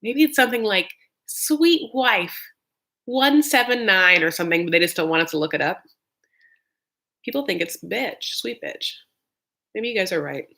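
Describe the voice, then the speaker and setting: A woman's voice: mid-range voice, lively intonation, normal speed, creaky, long pauses, pushed and bright. A woman in her thirties giving a casual live reaction recap of a reality show, chatty and sarcastic, filling her talk with "like". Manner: chatty, sarcastic, heavy use of "like".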